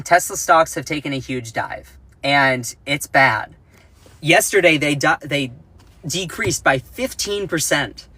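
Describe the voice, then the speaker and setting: A man's voice: on the high side, pushed and bright, dry recording. A man hosting a casual political commentary livestream, chatty and jokey, giggling at his own jokes and reading out the news. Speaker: livestream host.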